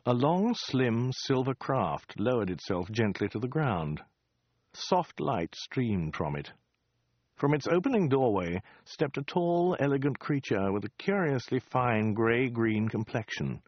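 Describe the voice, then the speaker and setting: A man's voice: mid-range voice, expressive, measured pace, no room sound, highs cut off. A man narrating a comic science fiction story in a dry, wry storytelling manner. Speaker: audiobook narrator.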